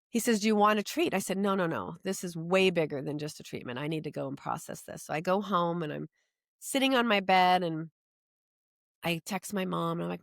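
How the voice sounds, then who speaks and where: Low-voiced woman telling her own story. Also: moderate pace, gravelly, no room sound, clean studio sound. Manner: earnest, tumbling run-on storytelling with many restarts. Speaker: podcast guest. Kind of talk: personal storytelling in an interview.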